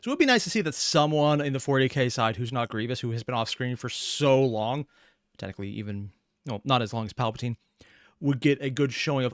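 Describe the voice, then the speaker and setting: A man casually reacting to a video, chatty and excitable, swearing freely. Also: medium pitch, a little fast, no echo, studio quality.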